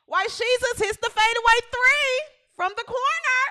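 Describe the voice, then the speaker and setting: A woman hosting a comedic women's basketball show, talking over game highlights. She exclaims, laughs often and repeats lines for emphasis. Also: measured pace, pushed and bright.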